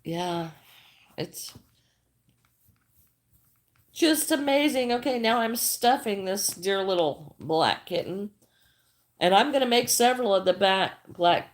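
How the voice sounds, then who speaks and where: A woman's voice: mid-range voice, animated, takes it slowly, long pauses. Older woman chatting on a craft livestream. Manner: chatty, greets viewers by name, repeats herself. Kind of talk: casual livestream chat while crocheting.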